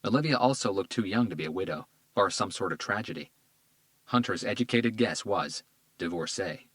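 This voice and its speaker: A man narrating a crime thriller audiobook in a measured, grave read. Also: low voice, lively intonation, no room sound.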